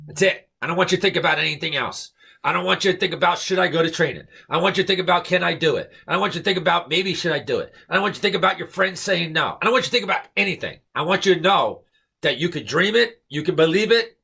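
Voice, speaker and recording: A man's voice: a little high, gravelly, sharp tone, slightly rough. A man giving an emphatic, repetitive motivational pep talk to camera, stressing his points with "okay?". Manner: fired-up, preachy. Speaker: network marketing motivational speaker.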